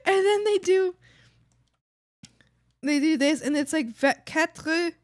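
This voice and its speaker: A woman's voice: high voice, expressive, measured pace, darkish tone, no echo, shouting, studio quality. Chatty woman streamer, swearing freely. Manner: rambling, swears freely, thinks aloud to chat. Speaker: art streamer. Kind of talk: casual livestream chat.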